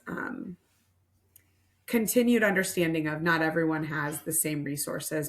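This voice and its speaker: A middle-aged woman leading a nonprofit mission, telling stories earnestly and reflectively in a podcast interview. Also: low voice.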